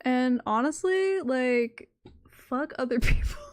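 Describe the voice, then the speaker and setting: Taking it slowly, this young woman talks in a high, animated voice on her stream from her room at home. Her chat is rambling and self-interrupting, with "like" dropped into almost every sentence.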